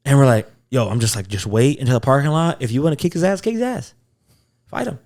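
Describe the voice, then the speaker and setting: A man's voice: medium pitch, fast talker. A man co-hosting a comedy podcast, telling a rowdy story in a casual way, acting out his friends' lines and swearing often. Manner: animated, acts out quotes, frequent swearing. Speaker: podcast co-host.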